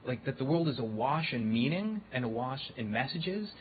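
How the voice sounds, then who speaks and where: A man's voice: medium pitch, big pitch swings, moderate pace. A man talks to a live audience in a loose, chatty way, full of ums and likes. The recording sounds thin and phone-like, with faint background noise. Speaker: guest speaker on AI and animal communication. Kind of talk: casual live talk. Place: event hall before an audience.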